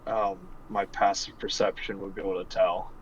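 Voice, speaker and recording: A man's voice: sits low, little pitch movement, moderate pace, muffled recording, slight background noise. A man playing a tabletop game with a teasing, wry manner. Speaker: player. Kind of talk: casual tabletop play.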